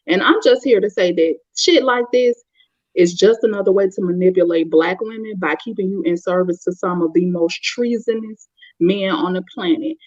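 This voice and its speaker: A woman with a fairly low voice and a Southern US accent gives blunt, opinionated, casual commentary on a panel. The recording is dull, dry lo-fi audio without echo.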